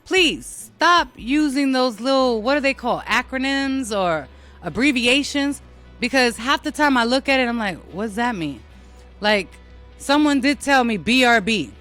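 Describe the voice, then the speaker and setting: A woman's voice: high-pitched, animated, unhurried, a bit bright, faint music behind. An American woman hosting her own show, talking casually to listeners in a blunt, profane and self-mocking way. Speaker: podcast host.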